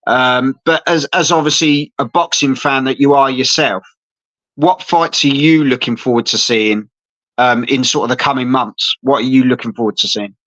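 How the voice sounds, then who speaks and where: Bright chatty host on a dull line. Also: male voice, mid-range voice, normal speed, no echo. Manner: chatty, friendly, says "mate" and "isn't it". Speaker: interview host. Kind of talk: casual interview. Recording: dull dry lo-fi sound.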